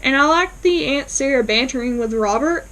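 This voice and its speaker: A woman's voice: high voice, normal speed, fairly bright tone, poor audio. A woman vlogger casually recapping a TV episode, retelling scenes in a chatty way with fillers.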